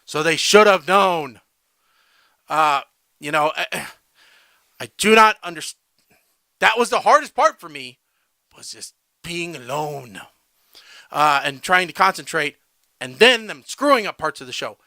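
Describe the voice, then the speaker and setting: A man's voice: on the high side, expressive, a little slow, long pauses, bright, forceful tone, no echo. A man co-hosting a casual podcast, ranting and tagging his points with "all right?". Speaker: podcast co-host.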